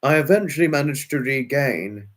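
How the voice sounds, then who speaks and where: A man's voice: mid-range voice, lively intonation, normal speed. A man chatting live to viewers, answering comments in a rambling, fussy way with many restarts and exclamations. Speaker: live streamer. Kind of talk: casual chat answering viewers.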